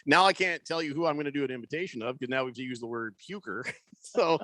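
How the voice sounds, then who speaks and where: A man hosting a sports talk radio show, joking around with co-hosts and reading listener comments aloud in an animated, wisecracking way. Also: medium pitch, fast, dry recording. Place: radio studio. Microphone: studio microphone.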